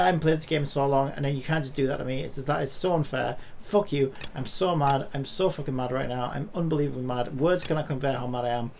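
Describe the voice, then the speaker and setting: Gravelly, swearing gaming streamer guy. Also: medium pitch, fast talker, hardly any pauses, a little mellow, slight background noise. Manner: frustrated, swears a lot, rants at the game. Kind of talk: live gameplay commentary.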